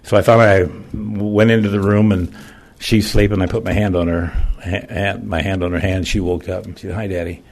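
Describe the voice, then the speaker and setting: Deep gravelly older man testifying. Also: level tone, moderate pace, a little mellow. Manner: plain-spoken, folksy, emotional storytelling. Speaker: church speaker giving testimony. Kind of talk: personal testimony. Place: church.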